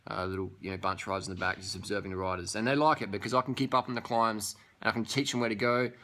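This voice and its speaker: Casting: young guy, bright forceful voice, profane scornful rant. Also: fairly low pitch, fairly even intonation, fast talker. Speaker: vlogger.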